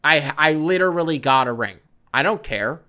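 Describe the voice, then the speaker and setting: Man doing a swaggering ballplayer; boastful, swearing, bright edge. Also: fairly high pitch, animated, normal speed. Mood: brash. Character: cocky carefree male basketball player.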